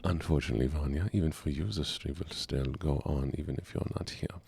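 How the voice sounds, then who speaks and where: A man streaming a game in a soft-spoken, half-whispered style, chatting gently with viewers in a put-on German accent. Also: extremely low pitch, fairly quick, creaky, breathy edge, dry recording.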